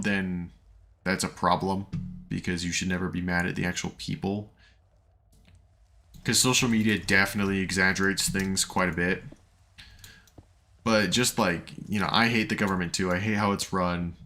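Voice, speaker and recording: Low-pitched yet pushed and bright, the voice belongs to an American man casually streaming a game. He rambles as he builds and reads chat out loud, and his voice is tired and sore from talking for hours.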